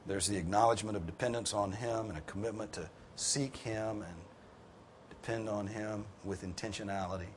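A man's voice: steady tone, a little fast, slight background noise. A man preaching and teaching a Bible class, earnest and emphatic, who breaks into casual asides and raises his voice to drive a point home. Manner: earnest, emphatic, rises in pitch and volume for emphasis. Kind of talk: sermon with group discussion.

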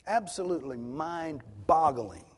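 A man's voice: a little high, expressive, a little slow, slight background noise. A man preaching an expository sermon as pastor, teaching in an earnest, emphatic way. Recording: long reverb of a hall.

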